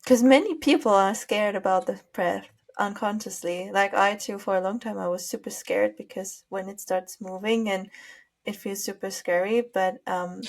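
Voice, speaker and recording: A woman hosting an interview, thanking her guest and asking gentle, rambling questions. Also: medium pitch, steady tone, moderate pace. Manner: warm-toned questions, laughs often. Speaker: host.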